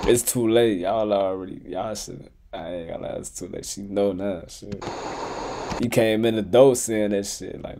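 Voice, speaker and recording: A man's voice: fairly low pitch, normal speed, background noise. A man reacting to a video as a streamer, laid-back and slangy, laughing as he comments.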